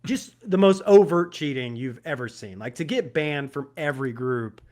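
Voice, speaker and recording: A man's voice: mid-range voice, moderate pace. A man co-hosting a podcast, telling a story in casual chat with lots of laughter. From Georgia, US. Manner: animated storytelling, laughs often. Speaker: podcast co-host.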